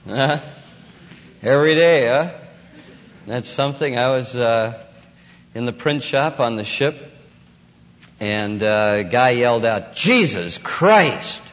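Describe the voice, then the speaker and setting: A man speaks to a conference crowd in a relaxed, folksy preaching style. His voice sits in the middle range. The recording is dull and lo-fi, with a long hall echo. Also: unhurried, long pauses. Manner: folksy, rises to excited high voice in anecdotes. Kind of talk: informal sermon.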